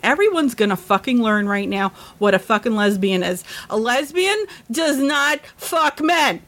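Furious high-voiced woman ranting. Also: animated, a little slow, a bit bright. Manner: profane, heated and emphatic. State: worked up and emotional. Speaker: vlogger. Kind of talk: angry rant to camera.

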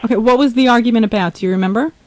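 A woman's voice: a little high, racing, darkish tone. Playful woman talk show host. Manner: playful, laughs often, prompts with short replies. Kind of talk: casual radio talk and interviewing.

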